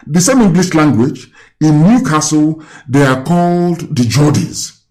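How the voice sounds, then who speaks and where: A man with a Nigerian accent hosts a live call-in talk show, lecturing and putting rhetorical questions to the caller. His voice sits fairly high and has a slightly mellow quality.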